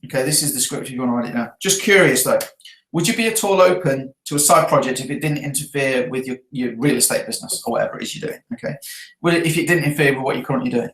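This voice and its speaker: A man's voice: mid-range voice, very fast, reverberant, rough recording. A man who trains network marketers, talking through his event notes earnestly and often checking in with his listeners. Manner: earnest, checks in with a frequent tag question.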